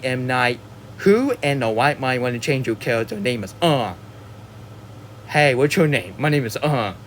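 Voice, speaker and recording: A man's voice: medium pitch, a bit bright, slight background noise. Rambling exasperated man ranting. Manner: exasperated, rambling, stumbles over words and apologizes. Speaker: movie reviewer. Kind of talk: ranting film review monologue.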